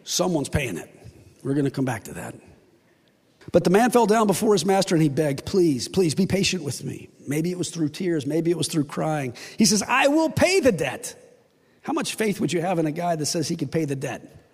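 A man pastor preaching a sermon to his church, retelling a parable with lively storytelling and playful asides. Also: a little high, a little fast, breathy edge. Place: church sanctuary. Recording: long reverb in a hall.

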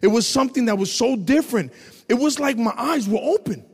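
A man preaching a testimony sermon, telling his story with animated delivery and shouting at high points. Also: quick pace, in a large hall.

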